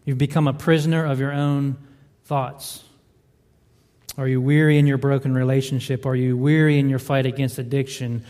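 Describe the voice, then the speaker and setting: A man's voice: medium pitch, level tone, moderate pace, a little mellow. A male pastor delivering a sermon, building emphasis with repeated rhetorical questions. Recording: reverberant hall.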